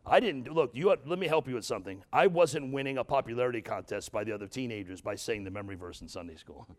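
A man's voice: medium pitch, animated, fast. An older man, a grandfather, preaching a sermon to a church with folksy jokes and rising, emphatic exhortation. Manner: folksy, joking asides, rises to emphatic exhortation.

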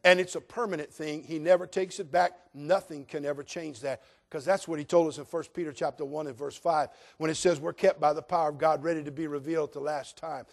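A man's voice: fairly high pitch, steady tone, fairly quick, creaky, hardly any pauses. An older man from California, a pastor preaching a sermon in an earnest, direct way and addressing his listeners as friends.

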